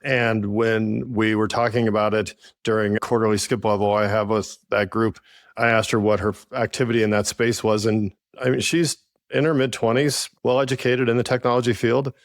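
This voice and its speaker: A man's voice: on the low side, flat delivery, moderate pace, no room sound, studio quality. A man co-hosting a business podcast, talking earnestly and telling stories from his work as a leader. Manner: earnest, storytelling with frequent "I think". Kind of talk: casual conversational podcast chat.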